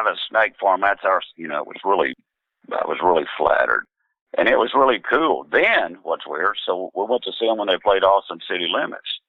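A man's voice: very deep voice, no echo, narrow, tinny audio. A man, a musician, telling a rambling story in a laid-back way, full of fillers and restarts. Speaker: musician guest. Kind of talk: casual anecdotal storytelling.

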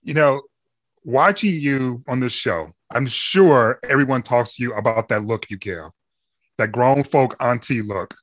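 A man's voice: medium pitch, measured pace, dry recording. A man hosting an interview, asking questions in a playful, laughing conversational way. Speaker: podcast host.

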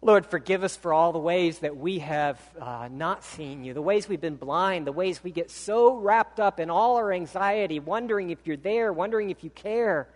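A man's voice: moderate pace, hardly any pauses, in a large hall. A man preaching a sermon, telling stories dramatically and praying with the congregation. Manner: dramatic storytelling, voice climbing high for a children's book reading. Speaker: pastor. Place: church sanctuary.

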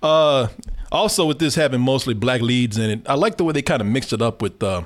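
A man's voice: mid-range voice, a little fast. A man hosting a casual movie reaction chat, talking animatedly with frequent laughter and swearing.

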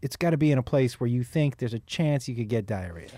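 A man from the United States hosting a casual podcast chat, animated and profane, laughing easily. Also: medium pitch, fast talker, breathy edge, no room sound, studio quality. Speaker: podcast host.

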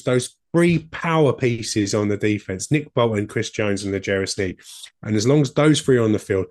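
With a Cockney accent, an Englishman co-hosts a sports podcast, keeping the chat casual, chatty and enthusiastic and repeating himself as he thinks. His voice is fairly low and a little mellow, recorded at studio quality with no echo.

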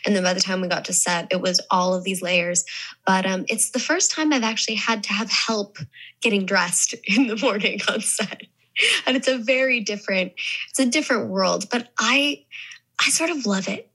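Bright-voiced young woman in an interview. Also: medium pitch, normal speed, breathy edge, poor audio. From American South. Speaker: actress guest. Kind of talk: casual interview talk.

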